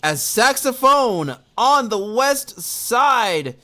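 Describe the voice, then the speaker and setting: Excitable laughing male game caster. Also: very high voice, drawn-out words. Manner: excitable, laughing, yelling at players. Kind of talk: esports match commentary.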